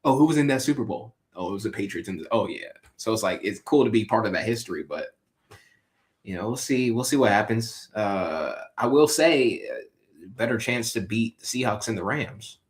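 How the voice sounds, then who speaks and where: A man's voice: fairly low pitch, moderate pace. A man co-hosting a casual sports chat, rambling and laughing often as he tells stories. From California. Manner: rambling, laughs often, lively ups and downs. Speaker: podcast co-host.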